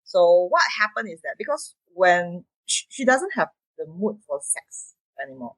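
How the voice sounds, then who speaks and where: A woman's voice: on the low side, sing-song, normal speed, no echo, rough recording. A woman hosting a podcast interview, speaking in a hesitant way and often repeating words as she goes. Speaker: podcast host. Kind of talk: casual interview chat.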